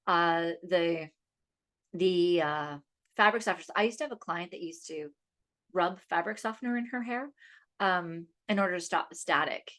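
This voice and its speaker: A woman in her thirties with a slightly lower voice hosts her own podcast. She tells personal stories in a casual, chatty monologue and acts out the dialogue with lively energy. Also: normal speed. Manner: chatty, animated retelling with quoted dialogue. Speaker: podcast host.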